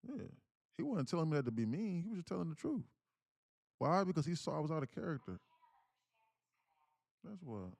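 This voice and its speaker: A man's voice: fairly high pitch, sing-song, a little fast, creaky, pauses often, a little mellow. Male streamer host, casual slangy delivery, loops back on phrases, insistent coach energy. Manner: slangy, repeats himself, keeps calling out "guys, listen". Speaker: day-trading livestream host. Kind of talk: casual live-stream talk to viewers.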